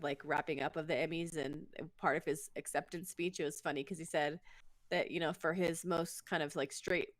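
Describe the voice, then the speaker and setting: Woman co-host, lowish voice, chatty and self-mocking, dry close sound. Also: no echo. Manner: chatty, laughs at herself, quick restarts. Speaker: podcast co-host. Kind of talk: casual chat.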